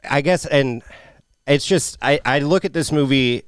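A man's voice: mid-range voice, unhurried, smooth, no room sound, clean studio sound. A young man co-hosting a casual movie review chat, laid-back and rambling, often restarting his thoughts. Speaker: podcast co-host.

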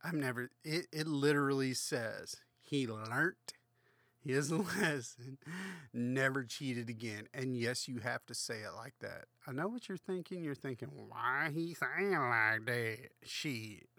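A man's voice: mid-range voice, animated, a little slow, fairly bright tone, no room sound. A slightly drunk man hosting a comedic read-aloud of a children's book, rambling through crude, swearing asides. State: a little drunk. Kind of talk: comedic book reading with commentary.

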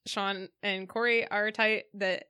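A woman co-hosting a podcast, talking through a TV episode in a casual way. Her voice is bright and forward, and she often thinks aloud with "um" and "like". Her pitch sits in a middle range for a woman. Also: level tone, takes it slowly, clean tone. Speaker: podcast co-host. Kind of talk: casual chat.

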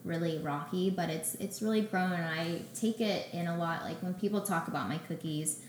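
A young woman with a fairly low voice tells her story in a relaxed interview, slipping into lively quoted dialogue. The room is echoey, with a faint hum of ambience behind her. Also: moderate pace. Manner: animated, acts out her own quotes. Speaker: guest, baker and business owner.

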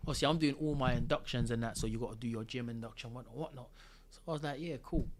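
A man chatting as a guest on a podcast, telling his story in loose, slang-filled speech. He acts out the voices of the people in it with lively energy. His pitch sits at an ordinary middle height for a man. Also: quick pace, background noise. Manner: slang-heavy, animated storyteller acting out quotes. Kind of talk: casual storytelling chat.

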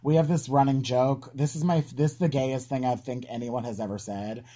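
A podcast co-host chatting casually, chiming in quickly and gossiping eagerly. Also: medium pitch, fairly even intonation, mellow. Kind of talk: casual chat.

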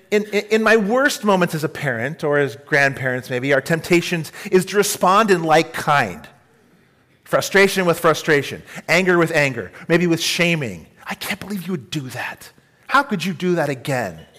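A man's voice: fairly high pitch, a bit bright. A middle-aged man preaching a sermon to his congregation, earnest and tender, asking them questions as he goes. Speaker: pastor.

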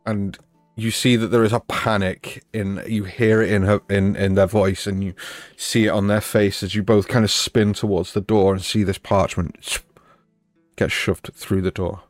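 A man's voice: lowish voice, level tone, moderate pace, no echo, soft background music. A man acting as dungeon master, narrating a live-play tabletop game in an easygoing, descriptive way and prompting the players.

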